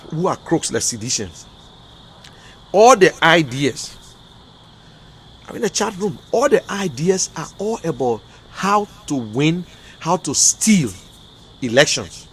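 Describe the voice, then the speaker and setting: A man's voice: a little high, big pitch swings, takes it slowly, long pauses, breathy edge. Emphatic Liberian man on a livestream. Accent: Liberian English. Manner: emphatic, repetitive, exasperated. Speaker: livestream commentator. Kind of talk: heated livestream political talk.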